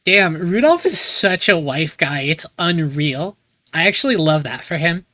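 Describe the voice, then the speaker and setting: Streamer: a man from the US, excitable and profane, fairly high voice. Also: measured pace, no room sound. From United States. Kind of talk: live let's play commentary.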